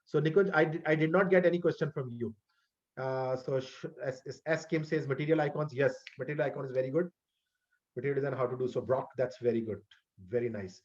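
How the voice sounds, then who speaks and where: Halting man teaching over a video call. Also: medium pitch, a little mellow. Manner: halting, repeats words, friendly and encouraging. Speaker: college web development instructor. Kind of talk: online class lecture wrap-up. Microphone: computer mic on a video call. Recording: dull lo-fi call audio.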